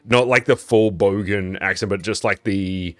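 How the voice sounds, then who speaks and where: Australian man as a laid-back game master, lowish voice, dry close mic. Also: steady tone, moderate pace, no echo. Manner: chatty and loose, laughs easily. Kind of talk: casual stream intro.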